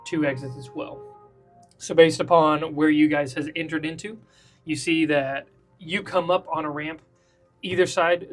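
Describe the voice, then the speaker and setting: A man leads a tabletop game as its game master, his voice sitting a little high. He narrates casually, thinks out loud and laughs easily. Faint music plays underneath. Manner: casual, laughs often, thinks aloud while drawing the map.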